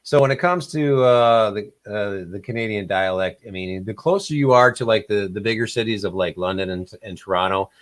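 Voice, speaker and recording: A man's voice: on the low side, brisk, hardly any pauses. A man from Michigan chatting on a video call, telling stories in a rambling, hesitant way with many fillers. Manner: rambling, hesitant, lots of uh and restarts. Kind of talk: casual storytelling chat.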